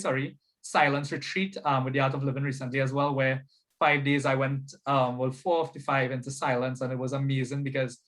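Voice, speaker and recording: A man's voice: on the high side, a bit bright. A man, a spiritual coach hosting an online workshop over a video call, chatty and upbeat, often asking "right?". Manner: chatty, upbeat, repeats "you understand?" and "right?". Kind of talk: casual online workshop talk.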